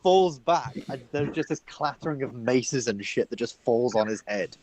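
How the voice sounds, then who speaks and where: A man narrating as game master of a tabletop game, chatty and quick to laugh. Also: medium pitch, animated, darkish tone. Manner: chatty, laughing, lots of fillers.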